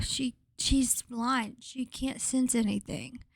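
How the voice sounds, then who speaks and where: A woman vlogger with a slightly high voice, recorded close and dry with no room sound. She gushes in a casual, rambling way, full of fillers and restarts, often slipping into a breathy whisper. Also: fairly even intonation, takes it slowly, few pauses, no room sound. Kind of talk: casual vlog commentary.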